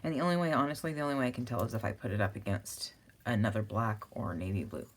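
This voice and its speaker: A woman's voice: very deep voice, fast talker. A woman hosting a crafting channel, chatting casually and rambling as she works, breaking into laughter at her own stories.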